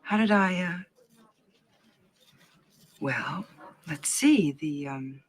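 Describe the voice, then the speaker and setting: An actress playing a flustered female executive who is caught out, halting and evasive in film dialogue. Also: fairly low pitch, lively intonation, exaggerated voice.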